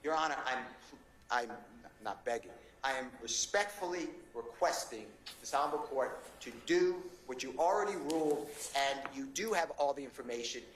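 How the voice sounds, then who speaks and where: A man's voice: mid-range voice, lively intonation, normal speed, a bit bright, a little hiss or hum. A male defense attorney arguing insistently and passionately before a judge in a courtroom. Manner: impassioned, insistent, pleading. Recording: echoey courtroom with faint ambience.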